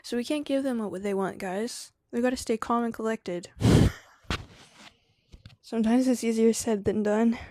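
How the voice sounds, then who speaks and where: A woman's voice: fairly high pitch, measured pace, long pauses, warm tone, no room sound. A woman hosting a casual live stream, slangy and laughing often as she answers chat and drifts into spiritual preaching. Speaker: livestream host.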